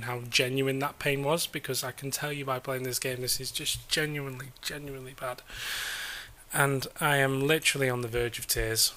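A man's voice: medium pitch, bright, forceful tone. A man giving sarcastic, exasperated commentary while playing a game, swearing now and then. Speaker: gamer.

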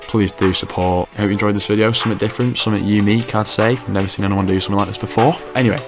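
Low-voiced man, wry comedic commentary. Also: fairly even intonation, very fast, over music. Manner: wry, teasing remarks. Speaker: YouTuber.

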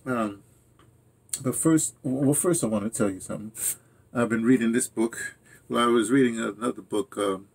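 A man's voice: mid-range voice, normal speed, creaky, slightly rough. An older man rambling through a casual monologue as host of his own channel, interrupting himself and chuckling at asides. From United States.

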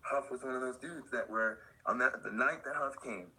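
Older man with a tense, raspy voice. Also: medium pitch, normal speed, sharp tone, rough recording. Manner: rambling, loose and anecdotal with many fillers. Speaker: skateboard company owner, podcast guest. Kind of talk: casual storytelling conversation.

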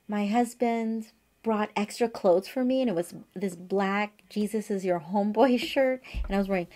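Her voice is mid-range and a little mellow. An acupuncturist in her forties, she records a casual to-camera advice monologue in her office, telling a chatty, roundabout personal story sprinkled with fillers and asides.

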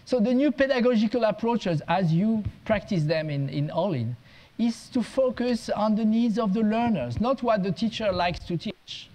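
High-voiced man giving a conference talk. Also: animated, moderate pace, a little mellow, muffled recording. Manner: storytelling with humor and small restarts. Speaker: guest speaker, education consultant.

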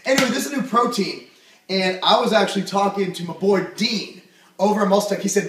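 Loud goofy man in an echoey room. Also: high-pitched, fast talker, distant mic, background noise. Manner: loud, goofy, jokey, bursts of shouting. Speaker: supplement reviewer. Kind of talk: jokey product review vlog.

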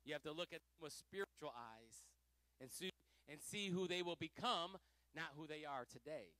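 A male pastor leads a Pentecostal Bible study, fervent and animated, laughing often and shifting from loud exhortation to soft asides. His voice sits on the high side at a moderate pace, in a dry recording.

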